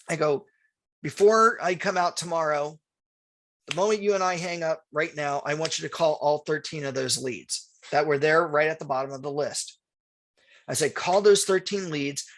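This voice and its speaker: A middle-aged man teaching real estate agents, telling a story with quoted dialogue and answering viewer questions. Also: fairly high pitch. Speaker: real estate marketing trainer. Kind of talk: webinar presentation with anecdote and Q&A.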